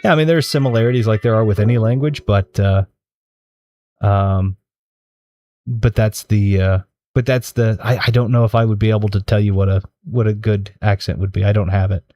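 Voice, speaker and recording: A man's voice: lowish voice, steady tone, brisk, mellow. A man hosting a live stream in casual chat, rambling and hesitant, often restarting and correcting himself. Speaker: streamer host. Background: background music.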